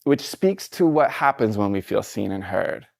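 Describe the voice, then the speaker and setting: A middle-aged man with a fairly low voice speaks to a live audience in an easygoing motivational talk. He is encouraging and conversational, with plenty of fillers. The sound is dry and close, with little room echo. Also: lively intonation, normal speed, creaky. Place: stage before a live audience.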